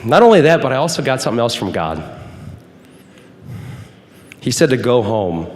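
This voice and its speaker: A man's voice: mid-range voice, sing-song, moderate pace, a little hiss or hum. A young man giving an earnest, emphatic testimony sermon to a youth group as a guest speaker. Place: church hall. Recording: hall reverb.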